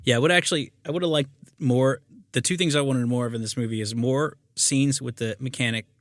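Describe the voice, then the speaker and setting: A man co-hosting a movie podcast talks through a film in loose, rambling casual chat, quick to laugh. His voice sits in a middle pitch. The recording is dry and close. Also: steady tone, no room sound. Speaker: podcast co-host.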